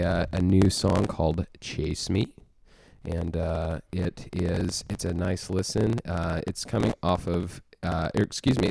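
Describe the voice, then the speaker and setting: Gravelly low-voiced man from Texas. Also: darkish tone, dry recording. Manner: rambling, self-mocking, many fillers and restarts. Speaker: podcast co-host. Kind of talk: casual music podcast chat.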